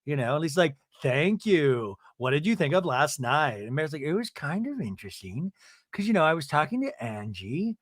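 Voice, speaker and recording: Male host in his thirties, comic recapper, bouncy higher pitch, dry close mic. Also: brisk, few pauses, dry recording. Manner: animated, mimics cast members in exaggerated voices. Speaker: podcast host recapping a reality show. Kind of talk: comedic recap with mock quotes.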